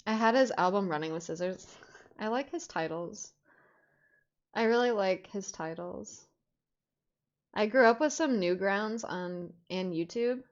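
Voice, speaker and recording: A woman's voice: medium pitch, measured pace, pauses often, dull audio. A young adult woman telling stories in casual chat, rambling with lots of fillers and swearing freely. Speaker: podcast host.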